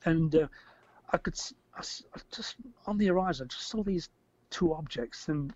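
An older man tells a story as an interview guest, rambling, repeating words and getting animated when he acts out shouting. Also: fairly high pitch, normal speed, no echo. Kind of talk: casual storytelling. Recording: dry, slightly muffled audio.

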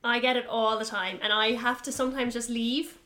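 A woman's voice: a little high, steady tone, brisk, bright, forceful tone, roomy sound. A woman, a substitute teacher, who chats casually and laughs easily. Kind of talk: casual chat.

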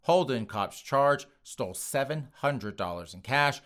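A man hosting a comedy podcast, reading news stories and riffing on them in an animated way with frequent laughs, addressing his listeners as "folks". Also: medium pitch, unhurried. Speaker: podcast host.

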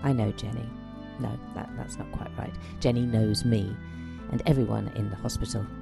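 Documentary narrator with a very gravelly voice, quiet and measured, with music playing underneath. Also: mid-range voice, steady tone. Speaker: documentary narrator, hospital doctor.

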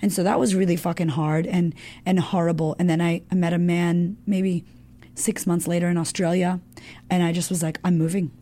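A woman's voice: on the low side, little pitch movement, normal speed, mellow. A woman guest in an interview, telling a personal story casually and candidly, swearing often and filling her talk with "like".

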